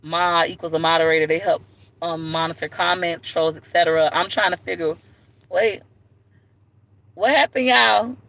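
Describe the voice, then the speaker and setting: A woman telling stories to camera in a blunt, animated way, often calling viewers "baby". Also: lowish voice, normal speed, gravelly, pauses often, no echo. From Florida, USA. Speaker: vlogger. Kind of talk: casual storytelling to camera.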